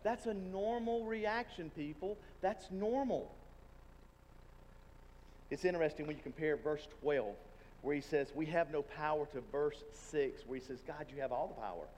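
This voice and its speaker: Male pastor, earnest conversational preaching, slightly higher voice, sanctuary reverb. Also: normal speed, darkish tone. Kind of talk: sermon. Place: church sanctuary. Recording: long hall reverb, faint room noise.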